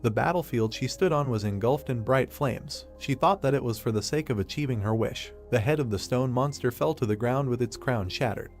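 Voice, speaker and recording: A man narrating a story recap from a script, reading at a steady, even pace. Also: medium pitch, fairly quick, few pauses, faint music behind.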